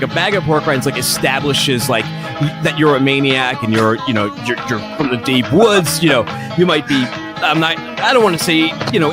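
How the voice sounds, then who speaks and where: A man co-hosting a casual snack-review podcast, talking in an animated, joking way with lots of fillers. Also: fairly high pitch. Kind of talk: casual chat.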